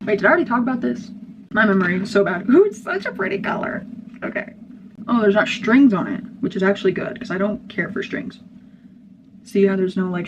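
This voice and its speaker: Here the young vlogger's voice sits in the mid-range, with the highs cut off and background noise audible. Doing her hair indoors in the family room for a get-ready-with-me video, she chats casually, scattered and easily distracted, drifting from one subject to the next.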